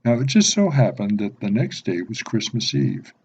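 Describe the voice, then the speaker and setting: Low, mellow man reading a storybook. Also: normal speed, vocal fry, slightly rough, dull audio. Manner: gentle, expressive storytelling. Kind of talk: children's picture book read-aloud.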